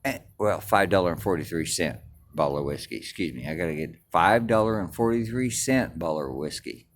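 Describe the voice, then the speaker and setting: A man's voice: low-pitched, animated, fairly quick. A man telling a story in a crude, defiant, boastful rant, swearing constantly. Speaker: vlogger.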